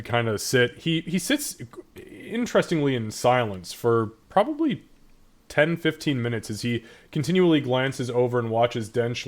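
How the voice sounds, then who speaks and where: A man narrating as game master, in a relaxed, rambling way. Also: medium pitch. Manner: relaxed, rambling, with many fillers.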